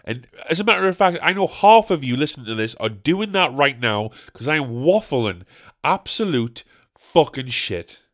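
A man's voice: fairly high pitch, sing-song, moderate pace, a bit bright. A British man hosting a solo comedy podcast, ranting in a sweary, rambling way. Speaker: podcast host.

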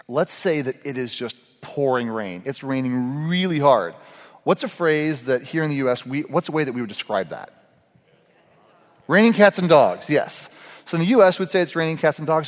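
A middle-aged man giving a casual, humorous sermon to a group. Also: a little high. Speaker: pastor. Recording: echoey hall reverb.

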